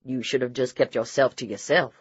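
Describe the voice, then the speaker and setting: A man's voice: medium pitch, steady tone, brisk, breathy edge, dry recording, natural voice. A man narrating an audiobook voices a smug, menacing male sheriff who taunts and brags, on dry, slightly dull audio. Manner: taunting, bragging, condescending.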